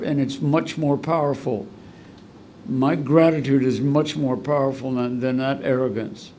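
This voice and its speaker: Gravelly, heartfelt man telling his story. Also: mid-range voice, darkish tone, a little hiss or hum. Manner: heartfelt, rambling storyteller who chokes up. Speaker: guest speaker at a recovery meeting. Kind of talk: personal recovery talk. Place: meeting room at a school.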